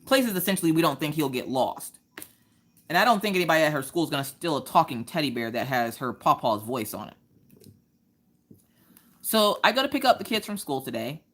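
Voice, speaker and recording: Lively low-voiced woman. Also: fairly quick, pauses often. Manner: animated storytelling, acts out quoted voices. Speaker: craft livestream host. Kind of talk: casual chat while crafting.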